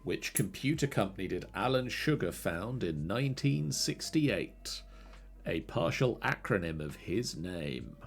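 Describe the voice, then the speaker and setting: Male quiz host, low and gravelly, relaxed, repeats each question. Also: a little slow. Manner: easygoing, laughs along, reads questions twice. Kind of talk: live online quiz hosting.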